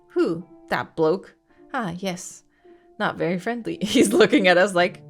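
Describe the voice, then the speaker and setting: A woman's voice: lowish voice, animated, measured pace, soft background music. A woman giving casual let's-play commentary, chatting and thinking aloud as she plays, swearing when frustrated. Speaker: gaming streamer.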